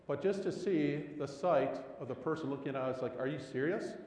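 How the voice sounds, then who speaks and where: A pastor preaches a sermon, telling stories with animation and pushing rhetorical questions whose pitch rises with mounting emphasis. He speaks at a moderate pace. The rough recording has an echoey, big-room sound.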